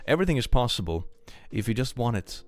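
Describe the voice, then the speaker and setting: A young man chatting casually on a livestream, reading viewer messages aloud, animated, laughing often and repeating phrases. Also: mid-range voice, fast, no room sound. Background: faint background music.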